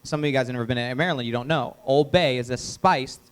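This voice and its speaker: A man presenting a live sales training workshop, energetic and emphatic, often quizzing the audience. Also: mid-range voice, fast talker, smooth.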